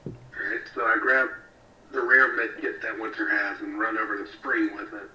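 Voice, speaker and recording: A man voices his character in a tabletop game in a plain, matter-of-fact way. His tone is very bright and sharp. He sits far from a dull-sounding mic in an echoey room. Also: on the low side, steady tone, moderate pace, slight background noise. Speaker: player. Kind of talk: casual tabletop game play.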